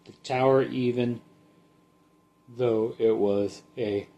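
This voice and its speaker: Guy doing a bible study, kinda low voice, talks real slow, reads a bit choppy then just chats about it. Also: fairly even intonation, a little mellow. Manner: slow, halting, reads then comments conversationally. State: sleepy, yawning. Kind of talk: casual Bible study talk.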